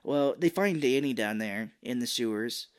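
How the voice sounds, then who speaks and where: A man talking casually on a podcast, recapping a movie in a loose, rambling way. He swears offhandedly and has a mid-range pitch. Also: lively intonation, moderate pace, clean tone. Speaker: podcast co-host.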